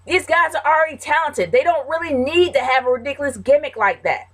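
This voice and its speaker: A woman's voice: sits high, a little fast, few pauses. Woman, casual vlog host, blunt and emphatic opinions.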